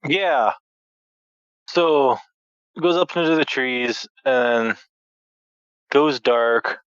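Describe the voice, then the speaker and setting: A male podcast guest calmly recounts a cartoon scene in plain, unhurried chat. His voice is smooth and resonant, and the slow delivery plays over a dry, slightly muffled recording. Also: medium pitch, no echo. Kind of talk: casual episode recap.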